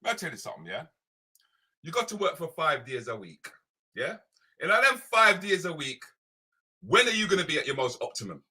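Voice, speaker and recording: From his home, streaming live online, a British comedian and social commentator rants animatedly by himself, repeating points and asking "yeah?" and "right?" all the time. His male voice is a little high and brisk, bright and forceful, slightly rough, with big pitch swings.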